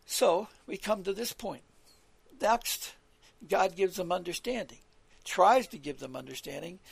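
Male preacher, high gravelly voice, rambling earnest delivery. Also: unhurried, no room sound. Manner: earnest, rambling, repeats words and restarts. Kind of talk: scripture teaching on a radio call.

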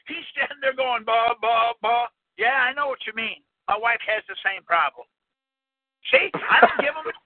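A man's voice: very high voice, no echo. A man giving a folksy, rambling talk to a small audience and quizzing them with questions. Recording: tinny phone-line recording, dry.

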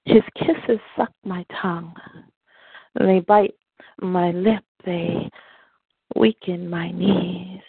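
A woman poet on a call-in radio show, reading a sensual poem slowly and deliberately. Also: lowish voice, steady tone, vocal fry, slightly rough, dry recording. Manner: soft, slow and deliberate. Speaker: poet guest. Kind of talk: slow sensual poetry reading. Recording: phone line.

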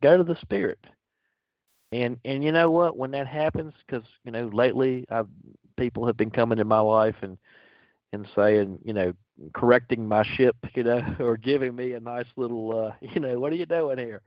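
A man's voice: mid-range voice, steady tone, moderate pace, no room sound, muffled recording. A man talking reflectively and loosely about faith on a group call, with many fillers. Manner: reflective, rambling, lots of fillers. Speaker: community call participant. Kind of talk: casual spiritual talk on a group call.

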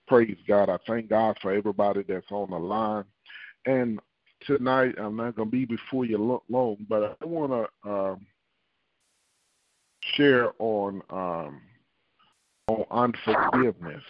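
A man prays and preaches in a low, fervent voice, repeating his phrases. The sound is dry and muffled, like a call-in line. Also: unhurried, pauses often, dry recording. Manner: fervent, repetitive prayer with tongues. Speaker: prophet and preacher. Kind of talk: prayer and sermon on a phone line.

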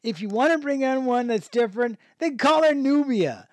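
A man's voice: extremely high pitch, animated, moderate pace, no echo. A man hosting a podcast, reviewing in a rambling, casual way with lots of fillers, restarts and chuckling asides. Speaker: podcast host.

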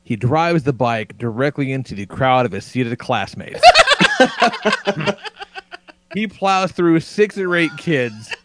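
Excitable profane man telling a story. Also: mid-range voice, takes it slowly, pauses often, very noisy. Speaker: podcast co-host. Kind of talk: animated storytelling.

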